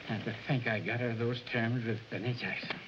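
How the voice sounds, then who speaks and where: Actor playing a record-company boss, flustered, blustering and fawning; 1940s film style, lo-fi with hiss. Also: male voice, medium pitch, fairly even intonation, a little fast, natural voice. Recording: dull old film soundtrack with hiss.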